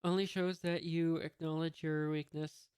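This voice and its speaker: A comic reader voicing a menacing pirate fleet boss in a flat, barely acted read. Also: mid-range voice, normal speed, clear, resonant tone, no echo, lightly acted. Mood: stern.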